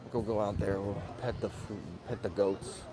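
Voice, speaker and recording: A man putting on a joking Boston accent, playing an excited local guy who keeps saying "freaking", outdoors with crowd noise behind him. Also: fairly low pitch, normal speed, voice pushed down, lightly acted. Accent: Boston (put on). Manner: joking, calls people "guy", says "freaking" a lot. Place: outdoors in a busy theme park.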